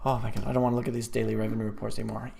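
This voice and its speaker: Hosting a live stream, a man chats casually and reads viewer comments aloud, rambling with many fillers and restarts. His lowish voice is warm and creaky, level in tone, and very fast.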